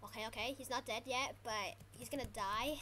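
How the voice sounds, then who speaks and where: A woman giving live gameplay commentary, excitable and panicky, shouting during fights and repeating words quickly when flustered. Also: on the high side, a little hiss or hum. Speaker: gaming channel host.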